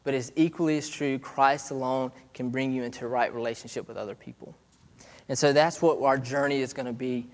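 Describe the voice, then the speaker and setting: Halting young father preaching in a hall. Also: mid-range voice, fairly even intonation. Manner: conversational, halting with many restarts. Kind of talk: sermon. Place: church hall. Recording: long hall reverb.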